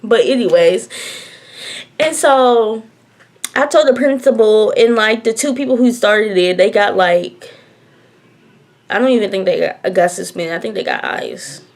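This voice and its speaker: A young woman telling a casual storytime. She is blunt, animated and laughs often. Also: mid-range voice, unhurried, pauses often. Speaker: vlogger.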